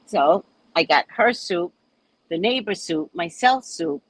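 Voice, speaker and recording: A woman's voice: fairly low pitch, slow, no echo, rough recording. An older woman from New Orleans with a New Orleans accent, chatting casually and telling stories animatedly to live viewers. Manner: animated storytelling with swings in voice. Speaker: host.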